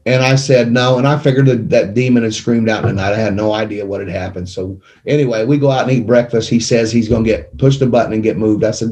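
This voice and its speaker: Man, middle-aged, dark mellow voice, emotional storytelling, studio mic. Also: on the low side, fairly even intonation, brisk. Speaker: guest telling his testimony. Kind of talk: conversational testimony. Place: small media studio. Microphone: studio microphone.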